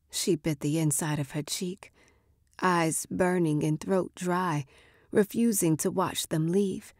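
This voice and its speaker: A woman narrating a short story in a measured, expressive reading. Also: lowish voice, no room sound, studio quality.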